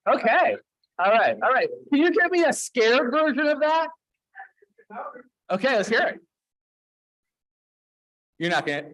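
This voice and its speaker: A man leading a holiday service, coaxing the congregation into a playful story with quick, encouraging back-and-forth. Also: extremely high pitch, very animated, a bit bright, rough recording. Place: dim room at a congregation gathering.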